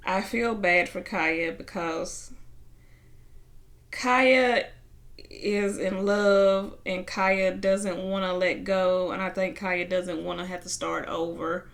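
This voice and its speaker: A young woman casually recapping a reality show, retelling scenes and acting out what people said. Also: fairly low pitch. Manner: animated retelling, acting out quotes, bursts of laughter.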